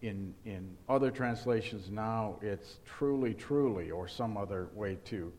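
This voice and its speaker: A man's voice: fairly low pitch, measured pace, a little mellow. A male pastor preaching an earnest sermon and putting rhetorical questions to his congregation.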